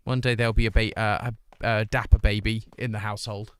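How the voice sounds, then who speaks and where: A man's voice: fairly low pitch, little pitch movement, brisk, a bit bright, clear, resonant tone, no room sound. Upbeat British man streaming live. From Britain. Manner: upbeat, reads chat aloud and greets viewers. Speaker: charity livestream host. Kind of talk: casual live-stream chat. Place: home streaming room.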